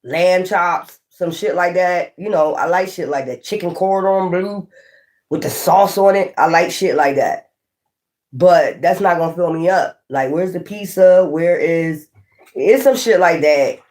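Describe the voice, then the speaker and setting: The reader's voice is medium in pitch with a darkish tone. During a casual tarot reading, there's frequent laughter, plenty of swearing, and quick acted-out asides voicing imagined people.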